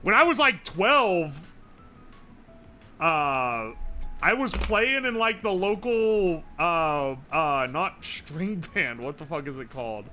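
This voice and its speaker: A man rambles through a casual live-stream chat, swearing freely and answering viewers as he goes. His voice sits high and sounds bright and forward. Faint music plays underneath. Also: very animated, takes it slowly.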